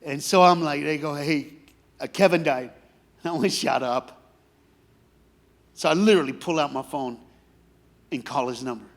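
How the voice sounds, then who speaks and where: A man preaching a sermon in a storytelling way, dropping to quiet asides and then rising to loud, shouted preaching. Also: fairly high pitch, a little fast, long pauses. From grew up in foster care. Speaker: guest preacher.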